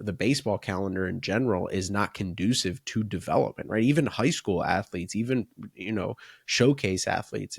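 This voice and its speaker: A man's voice: on the low side, gravelly, breathy edge, no room sound, studio quality. A man who coaches baseball, co-hosting a casual podcast and talking in long run-on thoughts that he often caps with "right?" and "like".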